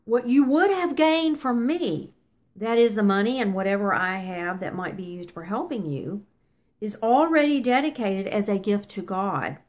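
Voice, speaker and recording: A woman leading a Bible study, reading scripture aloud and explaining it in an earnest, conversational way. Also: medium pitch.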